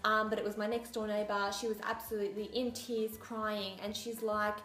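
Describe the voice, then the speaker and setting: A woman's voice: mid-range voice, little pitch movement, moderate pace, a bit bright. A young woman telling a story in a casual, chatty vlog, sarcastic and acting out the lines of people in it. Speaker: beauty vlogger. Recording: echoey room with faint music.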